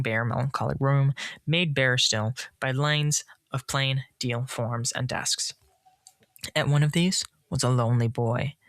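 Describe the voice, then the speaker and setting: A man reads a story aloud, with a bright and forceful tone and a dry, close sound. He breaks off for jokey asides about his own slips. His pitch is in the middle. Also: dry recording. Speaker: reader. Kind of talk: playful read-aloud of a parody classic.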